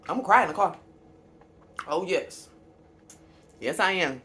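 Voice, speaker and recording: A woman who runs a small business, chatting candidly to camera while eating, with long pauses and fillers. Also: on the low side, sharp tone, a little hiss or hum. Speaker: small business owner and vlogger. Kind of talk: casual mukbang chat to camera.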